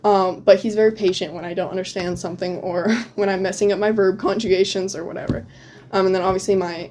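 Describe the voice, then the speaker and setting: Teen girl guest, American, casual and filler-heavy, mellow tone, light background hiss. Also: fairly low pitch. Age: teens. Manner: chatty, many "um" and "like" fillers, laughs often. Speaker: guest, returned exchange student. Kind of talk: casual interview answers.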